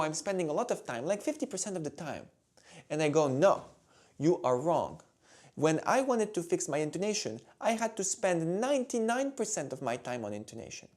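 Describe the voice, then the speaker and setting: A man teaching violin intonation in a calm, clear, demonstrative way. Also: on the high side. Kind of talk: instructional video talk.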